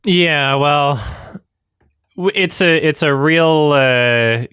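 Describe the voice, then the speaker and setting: A man from Canada co-hosting a podcast in casual chat, making wry, deadpan jokes. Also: fairly high pitch, extremely slow, smooth, no room sound, studio quality. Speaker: podcast co-host.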